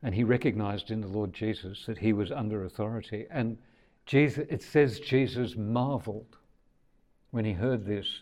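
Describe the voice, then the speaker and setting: A man's voice: lowish voice, normal speed, a little mellow. A man preaching a sermon in a conversational, thoughtful way, often restarting his sentences.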